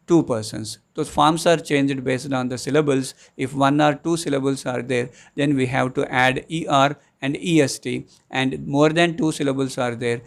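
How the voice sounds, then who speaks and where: A man teaching a grammar lesson, speaking slowly with many fillers and repeating each word to show its syllables. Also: mid-range voice, creaky. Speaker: English teacher.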